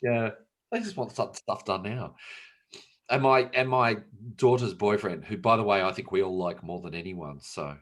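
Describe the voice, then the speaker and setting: A man's voice: on the low side, moderate pace, a bit bright. A middle-aged Australian man, a podcast host, chatting casually and telling tall, jokey stories with the odd swear word. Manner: joking storyteller, swears casually. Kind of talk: casual chat.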